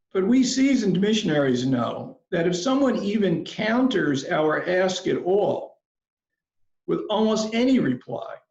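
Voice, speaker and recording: A man giving a commencement address, telling a story in a slow, measured, reflective way. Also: sits high, gravelly, darkish tone. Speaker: commencement speaker. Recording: roomy, slightly dull recording.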